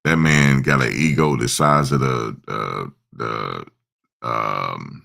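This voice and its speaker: A man's voice: a bass voice, normal speed, creaky, sharp tone. A man hosting a casual live stream, rambling and answering viewers' comments. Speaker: livestream host.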